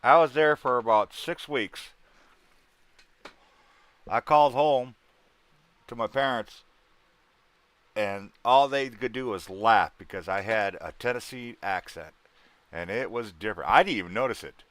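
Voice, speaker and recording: A man's voice: medium pitch, unhurried, long pauses, fairly bright tone, no room sound. A man from Wisconsin chatting casually with his livestream viewers in a rambling, folksy way, with a salty word here and there.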